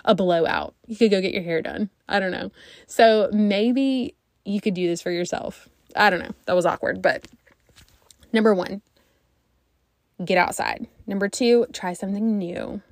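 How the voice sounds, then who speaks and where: A woman's voice: medium pitch, unhurried, no echo, studio quality. A woman in her thirties, a mom vlogger chatting casually to her viewers, rambling and thinking aloud.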